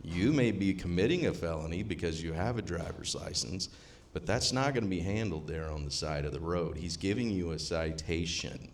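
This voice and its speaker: A man's voice: deep voice, expressive, moderate pace, a little hiss or hum. A man, talking casually and profanely to a live seminar audience, rambling and joking as he goes. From US Midwest. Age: 50s. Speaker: seminar attendee speaking.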